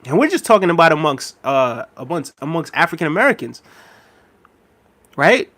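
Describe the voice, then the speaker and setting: A man's voice: on the high side, sing-song, normal speed, a bit bright. A man streaming live in a casual chat, rambling, laughing often and talking straight to his viewers. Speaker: livestreamer. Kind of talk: casual livestream chat, reading out chat.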